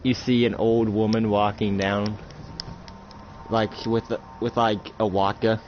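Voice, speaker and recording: A low-voiced man rambling through a casual role-play as game master, often restarting his sentences. The recording is muffled and lo-fi, with loud noise throughout. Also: flat delivery, measured pace. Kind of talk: casual tabletop-style role-play narration.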